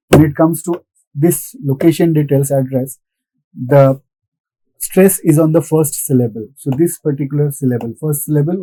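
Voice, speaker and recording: A man's voice: fairly high pitch, mellow, dry recording, poor audio. A man giving a recorded lesson, patiently repeating points and answering his own questions. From India. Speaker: English lecturer. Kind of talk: recorded classroom lecture.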